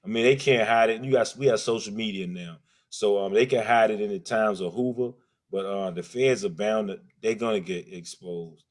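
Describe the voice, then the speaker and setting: A man with a very deep voice, calling in to the show. He talks earnestly and rambles, starting his sentences over. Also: moderate pace.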